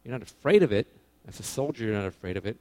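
A man preaching a casual sermon to young people, animated, swinging between loud emphasis and quiet asides, often correcting himself. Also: lowish voice, fast. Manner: casual, self-correcting, informal phrasing.

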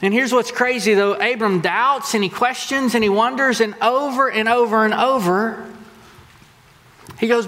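A man with an extremely high-pitched voice preaches a sermon at normal speed. As pastor, he tells stories animatedly and performs the quotes. The sound has a long hall reverb.

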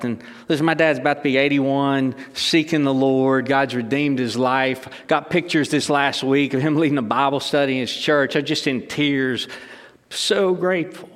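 A man's voice: medium pitch, big-room sound. A middle-aged man, a pastor, delivering a sermon emphatically, with rhetorical questions and restarts.

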